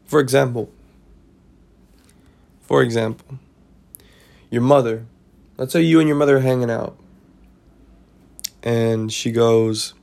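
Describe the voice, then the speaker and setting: A man's voice: mid-range voice, fairly even intonation, slow, vocal fry, pauses often, a little mellow. A man hosting a podcast, talking casually and preachily about life lessons, repeating himself and checking in with "right?". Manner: preachy, repetitive, keeps asking "right?". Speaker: podcast host. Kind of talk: casual advice monologue.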